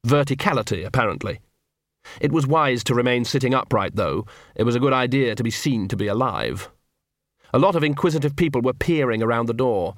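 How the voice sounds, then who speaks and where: A man narrating a comic fantasy audiobook in a wry, expressive way on a close studio mic. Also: medium pitch, a little fast, dry recording.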